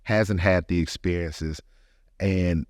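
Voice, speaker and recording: A man's voice: low-pitched, steady tone, slow pace, a little mellow, no echo, studio quality. A middle-aged man, a podcast co-host, talking in a reflective, easygoing way in casual chat. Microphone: podcast studio mic, facing own camera.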